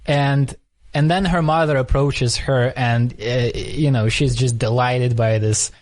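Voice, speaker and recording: A man from the former Soviet Union hosting a conversational interview, telling stories quickly and thoughtfully with frequent restarts. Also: medium pitch, steady tone, a little mellow. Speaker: podcast host.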